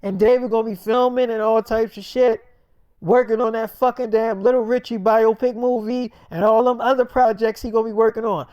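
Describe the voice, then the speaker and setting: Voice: medium pitch, clean tone, no echo, close to an everyday voice. Someone putting on a bossy chatty young wife. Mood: excited, pushy. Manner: fast, slangy and animated. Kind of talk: freestyle role-play storytelling.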